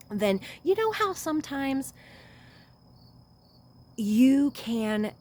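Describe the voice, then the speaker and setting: A woman giving an earnest, animated pep talk to her viewers, calling them honey. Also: medium pitch, unhurried. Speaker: self-help vlogger. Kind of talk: encouraging talk to camera.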